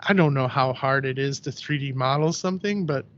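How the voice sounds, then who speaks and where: A man's voice: mid-range voice, a little fast, dull audio, slight background noise. A man, a guest on a podcast, chatting casually and telling anecdotes in which he acts out what people said. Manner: animated storyteller who acts out quoted voices, heavy use of "like". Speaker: podcast guest, ceramic artist.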